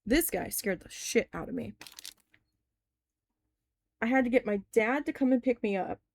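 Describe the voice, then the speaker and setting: A woman's voice: a little high, expressive, normal speed, gravelly, no room sound. Candid woman telling a story, swearing freely. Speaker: crafting vlogger telling a story. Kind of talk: casual storytelling while crafting.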